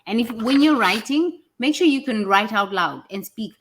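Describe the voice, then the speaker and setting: A woman's voice: a little high, animated, normal speed, a little hiss or hum. A woman giving a blunt, emphatic motivational monologue, swearing freely and repeating phrases for effect. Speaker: self-help vlogger.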